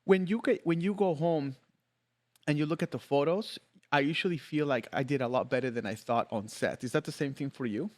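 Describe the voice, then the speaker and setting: A man's voice: fairly high pitch, brisk, darkish tone. A man hosting a podcast, chatting casually and joking with his guest, laughing often. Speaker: podcast host. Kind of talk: casual interview chat.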